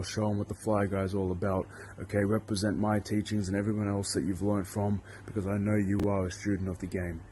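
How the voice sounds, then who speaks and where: A professional wrestler giving a farewell in a hyped promo style. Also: male voice, low-pitched, darkish tone, slight background noise.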